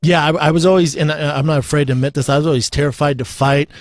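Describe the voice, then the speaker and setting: A man's voice: fairly high pitch, steady tone, rapid-fire, no echo. A man in his thirties, a guest in a casual interview, talking bluntly and swearing freely with lots of repeated words. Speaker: guest, former fighter.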